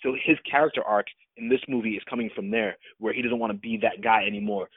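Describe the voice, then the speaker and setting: Fast-talking husky man on a podcast. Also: lowish voice, no room sound. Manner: fast, laughing, teasing banter. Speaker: podcast co-host. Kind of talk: casual movie review chat. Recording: dry, tinny phone-like sound.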